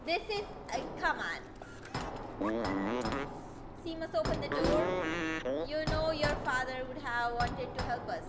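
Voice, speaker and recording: A young woman streaming a game, chatting excitably and reading lines aloud. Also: high voice. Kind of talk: live game commentary.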